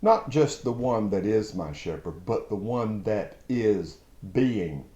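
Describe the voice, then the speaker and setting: A low-pitched man talks through a Bible passage at an unhurried pace, his tone mellow and dark. He is reflective and lingers on words, then breaks into emphatic exclamations. The room around him is echoey. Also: expressive, lo-fi sound. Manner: slow, reflective, with emphatic outbursts. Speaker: preacher. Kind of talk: devotional Bible teaching.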